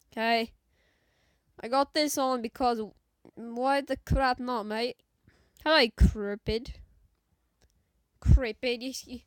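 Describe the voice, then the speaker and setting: A woman with a put-on British accent giving loud, excitable, slang-heavy commentary on a mobile game. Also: sits high, no echo. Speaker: gaming YouTuber.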